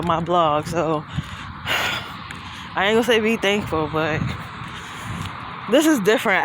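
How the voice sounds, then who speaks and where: A woman vlogger out of breath as she walks a rest-area trail, chatting casually and rambling in relaxed slang into a handheld phone. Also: medium pitch. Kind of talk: casual vlog narration while walking. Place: outdoors at a highway rest area. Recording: outdoor traffic noise.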